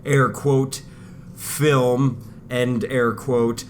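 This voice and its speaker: Slow-talking joking male podcast host. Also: medium pitch, fairly even intonation, a little hiss or hum. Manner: joking, laughs often. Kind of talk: casual podcast chat.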